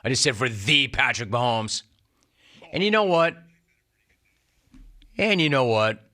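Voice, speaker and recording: This middle-aged sports radio host has a mid-range voice that sounds bright, forceful and very animated, though he never rushes. He delivers an emphatic, sarcastic monologue and repeats lines for punch.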